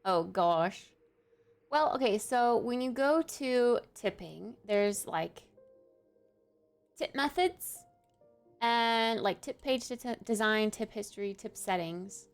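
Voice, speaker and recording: A woman's voice: fairly high pitch, animated, slow, soft background music. A young adult woman livestreamer in casual live-stream chat, talking straight to her viewers and cheering them on.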